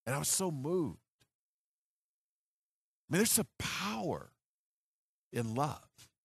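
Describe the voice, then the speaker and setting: A man's voice: fairly high pitch, sing-song, takes it slowly, vocal fry, fairly bright tone, husky, no echo, studio quality. A man in his sixties from the United States, preaching a sermon as an earnest story full of restarts and acted quotes.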